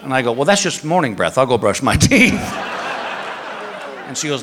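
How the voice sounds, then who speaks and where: A man's voice: medium pitch, big pitch swings, normal speed, long pauses, a bit bright, slight background noise. A man in his fifties telling a stand-up comedy story on a theater stage, acting out the voices of the people in it. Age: 50s. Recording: live theater with long reverb.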